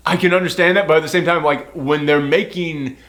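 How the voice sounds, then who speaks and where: A man's voice: on the high side, steady tone, fairly quick, fairly bright tone. A man chatting casually as he reviews a film, rambling with lots of fillers.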